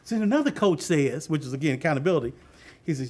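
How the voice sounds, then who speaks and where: A middle-aged man with a high voice tells a story from coaching youth football. He is animated, laughs often and acts out the voices of the people in his story. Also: quick pace, a little hiss or hum. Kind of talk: storytelling talk on leadership.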